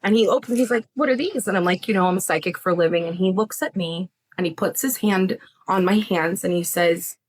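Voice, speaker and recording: A young adult woman, a psychic medium and podcast guest, telling a story in casual chat, animated and laughing, acting out the voices of others. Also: lowish voice, a little fast, hardly any pauses.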